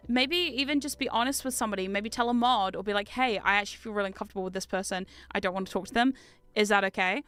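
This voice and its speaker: A frank, chatty woman with a New Zealand accent who hosts a livestream and laughs easily between points. Her voice sits a little high for a woman and comes through smooth and clear. It is close on a condenser mic in a dry, dead room. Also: a bit bright, dry recording. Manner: chatty and frank, laughs often, swears casually. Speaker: livestream host. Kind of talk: casual livestream chat. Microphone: studio condenser mic.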